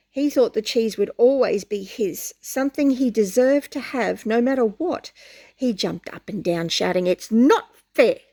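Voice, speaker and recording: A woman reading a picture book aloud to children in an animated way, often pausing to ask the listener questions. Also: fairly high pitch, gravelly. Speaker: storyteller.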